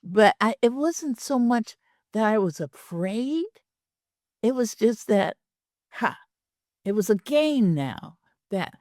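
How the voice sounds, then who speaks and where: Slow-speaking animated older woman. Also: medium pitch, dry recording, studio quality. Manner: animated, laughing often, acts out quoted dialogue. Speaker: guest. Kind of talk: storytelling in a podcast interview.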